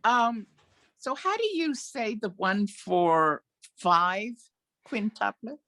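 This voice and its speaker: A woman's voice: mid-range voice, big pitch swings, slow, fairly bright tone, no room sound. Woman asking questions with a dry sound. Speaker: workshop participant. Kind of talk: questions in an online workshop.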